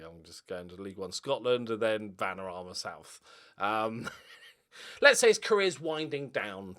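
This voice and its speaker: Chatty man, lively pitch. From Northern Ireland. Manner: chatty, joking, swears freely, rambling asides. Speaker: gaming YouTuber. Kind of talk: casual gameplay commentary.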